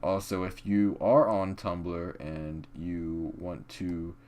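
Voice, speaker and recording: Young male vlog host, low-ish voice, crude rambling rant, sudden loud bursts. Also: flat delivery, slow pace. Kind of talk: crude rambling comedic monologue.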